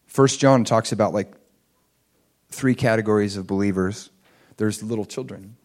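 Preaching at a moderate pace, a man with a fairly low, slightly mellow voice keeps his sermon conversational, rising to emphatic peaks. He checks in with his congregation and asks them to agree with him.

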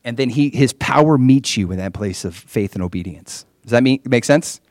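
A man's voice: mid-range voice, animated, moderate pace, darkish tone, no echo, clean studio sound. A man preaching and leading a prayer, talking in an earnest, conversational way. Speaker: pastor. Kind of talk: sermon with guided prayer.

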